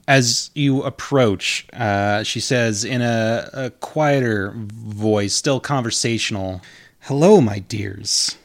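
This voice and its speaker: A man narrating a tabletop game as game master, descriptive and unhurried, with frequent "uh" fillers. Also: on the low side. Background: background music.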